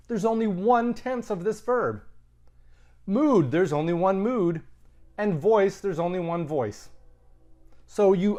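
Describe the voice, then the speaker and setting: A middle-aged man teaching a recorded Latin grammar lesson, conversational and emphatic with punchy asides. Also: sits high.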